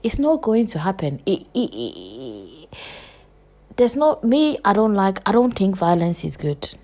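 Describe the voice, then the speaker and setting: A woman in her twenties hosting a podcast, delivering a heated, profane rant full of repetition, with loud bursts and hushed asides. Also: mid-range voice, big pitch swings, measured pace. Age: 20s. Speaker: podcast host. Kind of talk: casual podcast monologue.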